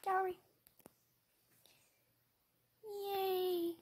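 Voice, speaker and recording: A woman commentating her game, excitable and rambling, jumping from loud squeals to hushed whispers. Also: very high-pitched, very slow. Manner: rambling with many fillers. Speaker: gamer.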